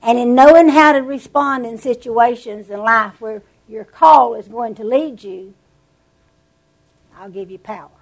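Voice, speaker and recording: A woman preaching a sermon, telling stories with animated emphasis and drawn-out words. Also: fairly high pitch, rough recording.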